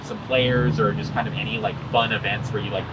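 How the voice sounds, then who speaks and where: A man's voice: lowish voice, steady tone, fairly quick, distant mic, lo-fi sound, heavy background noise. A man hosting an interview, asking long, winding questions in a casual way. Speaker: interviewer, podcast host.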